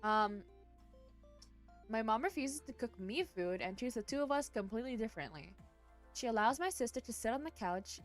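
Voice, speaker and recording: A woman streamer reading online posts aloud and reacting to them, breaking into loud cursing outbursts between passages. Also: mid-range voice.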